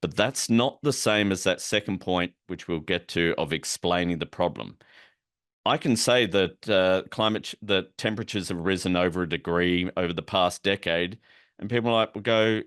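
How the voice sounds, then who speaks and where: Aussie guy with a low smooth voice doing a casual policy lecture, explains stuff as he goes, dry close sound. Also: moderate pace, a bit bright, no echo. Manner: conversational, explains terms as he goes, with asides and light humor. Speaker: policy educator.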